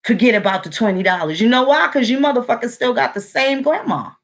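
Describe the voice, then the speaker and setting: A woman talks straight to her audience in a casual monologue. Her voice sits a little high, and she tells her stories bluntly, with plenty of profanity. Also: lively intonation, fast. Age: 40s. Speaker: vlogger.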